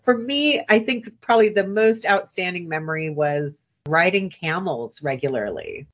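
A woman's voice: on the low side, lively intonation, normal speed, a bit bright. A woman from the United States, a writer, talking as a guest on a radio interview and recalling stories in a reflective way. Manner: reflective, anecdotal storyteller.

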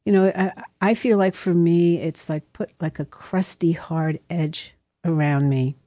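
A woman's voice: fairly low pitch, fairly even intonation, a little slow, warm tone, dry recording. A woman hosting a live radio show in a studio, telling stories in a chatty, rambling way. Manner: chatty, anecdotal, rambling with restarts. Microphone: studio microphone.

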